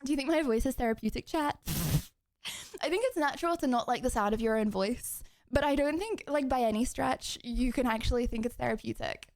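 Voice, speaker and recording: Young woman streamer, high voice, bubbly and giggly, casual live chat. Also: fairly quick, no echo.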